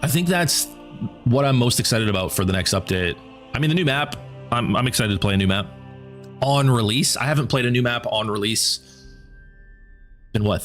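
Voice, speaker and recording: A man streaming a game and chatting casually with viewers, rambling and repeating words as he thinks aloud, his voice going hoarse. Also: lowish voice. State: losing his voice.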